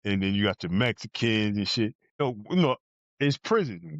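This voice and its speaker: A man's voice: on the low side, animated, normal speed, dry recording, muffled recording. A man from New Jersey telling a blunt, profane story as a podcast guest and acting out other people's lines. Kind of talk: casual storytelling.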